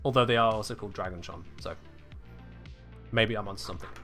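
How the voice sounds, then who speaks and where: A man's voice: on the low side, fast talker, sharp tone, faint music behind. A British man chatting casually with his viewers on a game live stream, answering chat with wry humor. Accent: British English. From United Kingdom.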